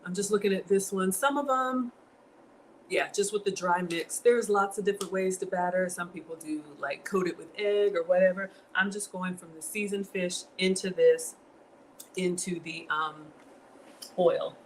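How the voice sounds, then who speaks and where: A woman's voice: on the low side, moderate pace, slight background noise, poor audio. A middle-aged woman with a Southern US accent, chatting casually to live viewers while cooking in her home kitchen. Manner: chatty, greets viewers by name, reads out comments. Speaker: home cook streaming live. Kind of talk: casual livestream cooking chat.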